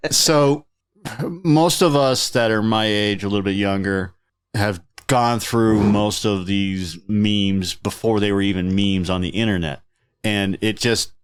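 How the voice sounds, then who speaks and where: A man's voice: lowish voice, clean tone. A man co-hosting a casual podcast, ranting with profanity and mocking others in sarcastic put-on voices. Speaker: podcast co-host.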